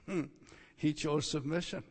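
A male preacher delivering a sermon in a fairly high voice. He hammers key words through repetition and moves from quiet asides to forceful emphasis. His voice rings with the long reverb of a large hall. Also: fairly even intonation, measured pace. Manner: emphatic, repeats key words, swings between soft asides and loud stresses.

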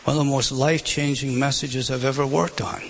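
Preacher man dropping to hushed whispers. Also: medium pitch, steady tone, a little fast, a little hiss or hum, poor audio. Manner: dramatic drops to a hushed whisper. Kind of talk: sermon.

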